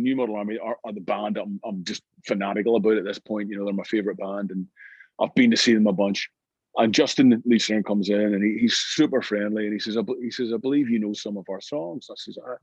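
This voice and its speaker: Scottish man telling a story, husky. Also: on the low side, no echo, highs cut off. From Scotland. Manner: lively anecdotal storytelling with frequent restarts. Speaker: guest musician. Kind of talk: storytelling interview.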